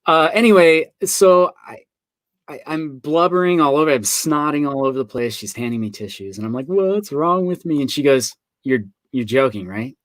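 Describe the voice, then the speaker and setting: A man's voice: medium pitch, normal speed, no echo. A man hosting a live online book signing, chatting casually and telling personal stories, acting out what people said. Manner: chatty storyteller, acts out quoted voices. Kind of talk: casual video-call chat.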